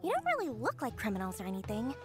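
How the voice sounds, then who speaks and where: A woman voicing a shrewd, smooth-talking female black-market merchant in a video game, with a sly, theatrical sales manner. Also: fairly high pitch, wildly swooping pitch, rapid-fire, soft background music.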